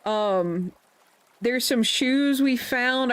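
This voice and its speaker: A woman's voice: mid-range voice, expressive, slow pace. A woman hosting a livestream, talking casually with her chat. She is playful and laughs often, and she tosses out mock-offended comebacks when teased.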